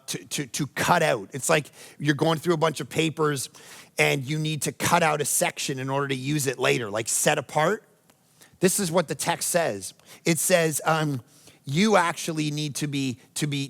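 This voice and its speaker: A pastor with a Canadian accent delivers a sermon in a raised, gravelly voice. He is animated and playful, slipping into whining impressions to make his point. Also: fairly high pitch, in a large hall. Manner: animated, acts out whiny voices and jokes.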